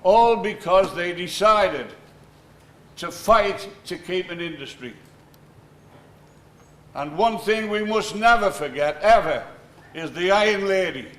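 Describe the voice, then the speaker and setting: A man giving a formal commemorative speech in a measured, deliberate way. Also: high-pitched, a bit bright. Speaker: speaker at plaque dedication. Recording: echoey room with faint noise.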